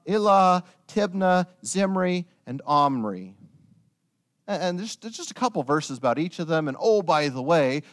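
A man preaching a sermon, retelling a story with lively storytelling and joking asides to his listeners. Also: on the high side.

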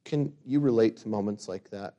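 Preaching man, loud emphatic peaks and quiet pulls back. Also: on the low side, dull audio. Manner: builds to loud emphatic peaks, then drops to quiet reflection; reads scripture slowly and forcefully. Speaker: pastor. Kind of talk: sermon.

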